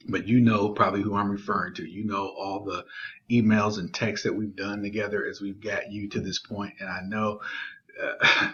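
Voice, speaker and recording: A middle-aged man, a GED teacher, excitedly giving warm shout-outs to students with many fillers. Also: on the low side, a little hiss or hum. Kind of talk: enthusiastic video announcement. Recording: dull lo-fi video audio.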